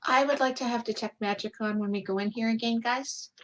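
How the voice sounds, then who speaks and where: A woman's voice: on the high side, brisk, a little hiss or hum. A woman playing a tabletop game who speaks eagerly and describes her character in the third person. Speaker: player. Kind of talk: casual tabletop play.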